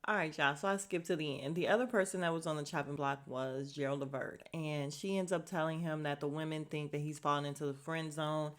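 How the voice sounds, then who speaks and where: This podcast host talks a little fast with few pauses, her deep voice fairly even in intonation. She reviews a reality dating show in a casual, blunt, opinionated way, cursing freely and packing in fillers and asides.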